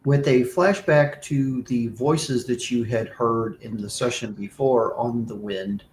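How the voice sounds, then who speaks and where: A man's voice: mid-range voice, fairly even intonation, takes it slowly, a little mellow, echoey room, a little hiss or hum, rough recording. A man narrating a tabletop game as game master, loose and full of fillers.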